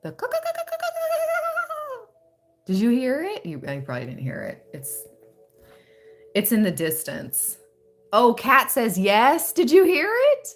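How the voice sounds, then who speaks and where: A woman's voice: a little high, wildly swooping pitch, measured pace, faint music behind. A woman giving a tarot reading in a casual, chatty way, easily distracted and often exclaiming aloud. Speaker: tarot reader. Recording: echoey room.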